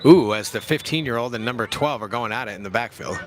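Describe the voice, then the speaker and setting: A man's voice: mid-range voice, fast talker, a little hiss or hum. A young man casually calling a youth football game outdoors, jokey and slangy, poking fun at himself. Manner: laid-back, jokey, slangy, self-deprecating. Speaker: play-by-play commentator.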